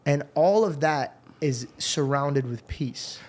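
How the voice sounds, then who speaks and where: A man's voice: a little high, lively intonation, takes it slowly. A man hosting a podcast, telling his faith story in an earnest, rambling way. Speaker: podcast host. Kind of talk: casual faith conversation.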